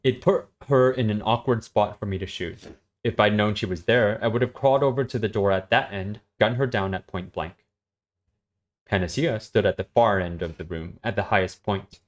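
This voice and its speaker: A woman reading a web serial aloud on a stream, with a steady delivery and small self-corrections. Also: a bass voice, normal speed, lo-fi sound.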